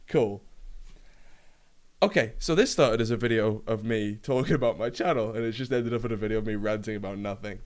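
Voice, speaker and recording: A man in his room ranting off the cuff to a camera, rambling and swearing freely, with lots of fillers. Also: on the low side. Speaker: gaming YouTuber. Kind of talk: unscripted rant to camera. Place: his own room, alone.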